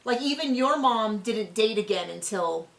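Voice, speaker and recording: A woman's voice: fairly high pitch, lively intonation, moderate pace, creaky, a bit bright. A woman hosting a podcast, recapping a reality show in casual, opinionated chat with frequent restarts. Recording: roomy echo.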